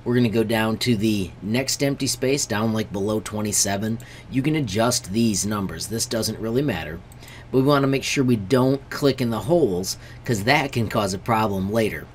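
Speaking at a moderate pace in a voice on the low side, a teacher guides viewers through a screen-recorded tutorial one step at a time. He is friendly, emphasizes warnings, and repeatedly says "friends." A little hiss or hum can be heard.

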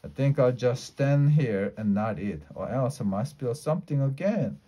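A man reading a children's storybook aloud in a lively way, shifting his pitch and loudness for the characters' lines. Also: moderate pace. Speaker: storybook reader.

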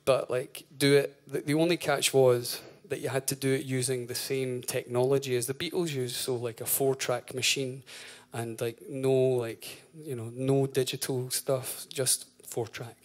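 Male band frontman, 30s, mid-pitched, loose stage patter full of "um" and "like", casual cursing. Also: level tone, a little slow. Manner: chatty, full of fillers, swears and laughs. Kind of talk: rambling stage banter between songs. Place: live concert venue.

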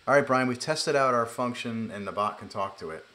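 A man's voice: mid-range voice, fairly quick, pushed and bright. A man with a nasal voice, hosting a live coding stream in a chatty, joking way and narrating each step. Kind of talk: casual live coding chat.

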